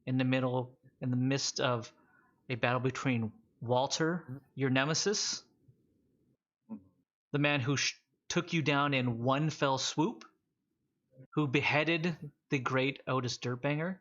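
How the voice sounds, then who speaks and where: Brief: unhurried male game master, mid pitch, on muffled lo-fi audio. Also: steady tone, fairly bright tone. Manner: slow, drawn-out narration. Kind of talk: narrating a tabletop game. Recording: dull lo-fi audio.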